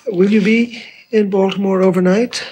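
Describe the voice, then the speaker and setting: An actor playing a vain, smarmy male asylum doctor who talks in a smooth, condescending and flirtatious way. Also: sits high, fairly even intonation, moderate pace, a little mellow. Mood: smug. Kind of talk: film dialogue.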